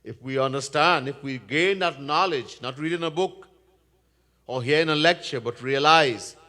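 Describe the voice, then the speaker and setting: A man's voice: on the high side, normal speed, bright, forceful tone. A man preaching as a swami, telling a scripture story earnestly and chanting verses, recorded in a Hindu temple. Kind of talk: sermon storytelling. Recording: echoey temple hall.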